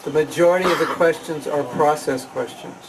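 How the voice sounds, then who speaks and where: A man's voice: fairly high pitch, brisk, recorded from a distance, crowd noise, rough recording. A man leading a chanting seminar, lecturing in a conversational way, asking his listeners rhetorical questions and mimicking how people pronounce words. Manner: imitates questioners and mimics pronunciations. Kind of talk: lecture to a live audience. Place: seminar hall with an audience.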